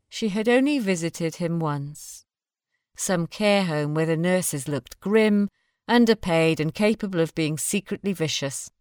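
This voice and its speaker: Female story reader, unhurried measured delivery, lowish voice. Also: smooth, no echo, studio quality. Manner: slow, measured reading. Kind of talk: scripted narration.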